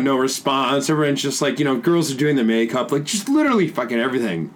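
A man co-hosting a casual podcast, telling a profane, animated story and acting out his own shouts. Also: mid-range voice, quick pace, hardly any pauses, a little hiss or hum. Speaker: podcast co-host.

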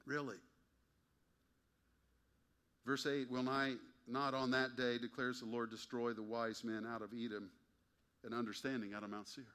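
Bright-voiced man preaching a sermon. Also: mid-range voice, flat delivery, normal speed, pauses often. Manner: emphatic preaching with wry rhetorical questions. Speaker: pastor.

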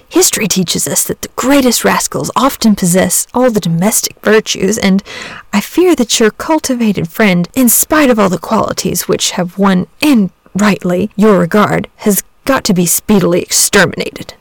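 A woman's voice: mid-range voice, animated, moderate pace, vocal fry, no echo. Woman reading a polite old-fashioned knight, grave and kindly, dry close sound. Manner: formal, old-fashioned courtly phrasing. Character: gallant, good-natured knight saint, courtly and grave. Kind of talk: storybook reading.

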